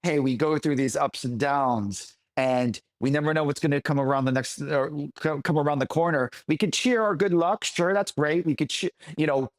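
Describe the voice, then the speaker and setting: A man's voice: a little high, normal speed, few pauses, no echo. Rambling podcast co-host, man. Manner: rambling, storytelling, frequent restarts and fillers. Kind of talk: casual chat.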